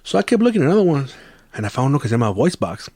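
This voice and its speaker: A man's voice: medium pitch, very animated, fast, darkish tone, husky, no echo. A young man hosting a podcast who tells a story in loose, profane casual chat and drops Spanish phrases into his English. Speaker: podcast host.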